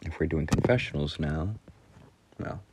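Deep-voiced man telling stories, chuckling. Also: expressive, moderate pace, noisy background. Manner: laughs through his stories, rambling with restarts and crude humor. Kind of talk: casual storytelling monologue.

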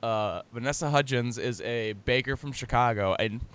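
A man's voice: mid-range voice, normal speed, a bit bright, smooth. A man in casual chat, joking and rambling as he retells a movie plot with laughs.

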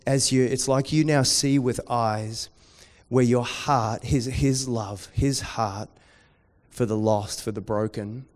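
A man preaching a sermon, dropping to quiet intensity and rising to loud, excited storytelling. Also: medium pitch, takes it slowly. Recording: long hall reverb.

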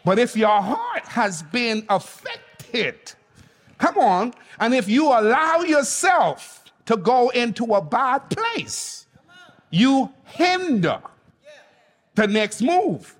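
A man's voice: extremely high pitch, sing-song, takes it slowly, long reverb tail. A man preaching a sermon as pastor, speaking emphatically and calling on the congregation to respond. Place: church.

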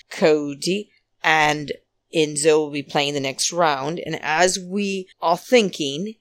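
A woman's voice: fairly low pitch, no echo. A woman hosting a podcast, recapping a reality show in a chatty, laughing, opinionated way. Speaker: podcast host.

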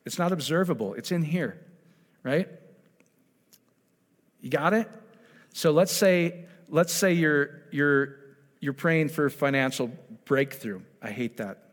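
A man preaching a sermon, emphatic and full of rhetorical questions, moving between loud exhortation and quiet, intimate asides. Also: on the high side, expressive, slow pace, pauses often. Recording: long hall reverb.

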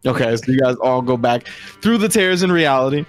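A man's voice: medium pitch, expressive, fairly quick, faint music behind. A man narrating as game master of a tabletop role-playing game, voicing the characters now and then.

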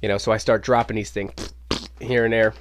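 A man hosting his own podcast, telling a casual story in an animated way and swearing freely. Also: fairly low pitch, a little fast, slight background noise. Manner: animated, acts out quoted voices, swears casually. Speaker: podcast host. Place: home podcast studio.

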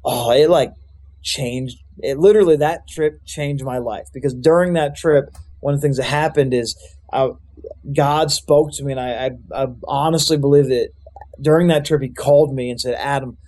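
A man's voice: medium pitch, steady tone, moderate pace, a little mellow. A young man, a youth pastor, telling his life story in a loose, rambling way with lots of fillers. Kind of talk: casual storytelling testimony.

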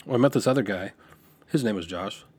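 A man's voice: fairly low pitch, fairly quick, slightly rough. A middle-aged man hosting a podcast, casually telling a rambling story from his youth, restarting his sentences as he goes. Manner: rambling, self-correcting, animated when quoting.

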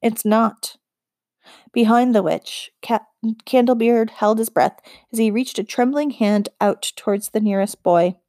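A woman narrating a children's fantasy novel as an audiobook, in a measured storytelling read. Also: fairly high pitch, warm tone, no room sound, studio quality. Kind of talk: scripted narration.

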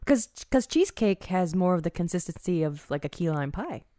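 A woman co-hosting a podcast, chatting casually in a giggly, animated way. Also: on the low side, fairly quick, no room sound, studio quality. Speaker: podcast co-host. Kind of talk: casual banter.

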